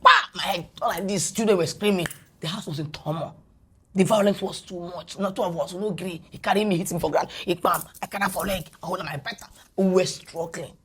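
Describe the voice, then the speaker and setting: A Nigerian woman, a guest on a podcast, retelling a personal story in animated English mixed with Pidgin. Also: on the low side, fairly quick, a little hiss or hum.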